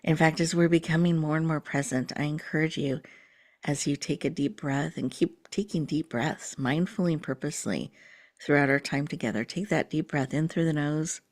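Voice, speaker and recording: A woman host leading a slow, soothing guided breathing meditation, sometimes dropping to a whisper. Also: deep voice, darkish tone.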